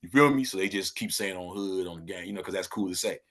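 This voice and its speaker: A man from Los Angeles talking loosely as a podcast guest, breaking into animated exclamations. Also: low-pitched, quick pace. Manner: loose street talk, animated and exclaiming when riled. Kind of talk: casual interview chat.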